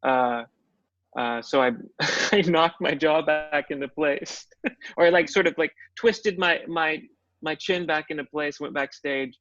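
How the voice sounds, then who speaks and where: A man's voice: on the high side, measured pace, fairly bright tone, no room sound. A man who is an actor, telling stories in a reflective way as a guest in a casual interview. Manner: reflective storytelling. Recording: dull, dry audio.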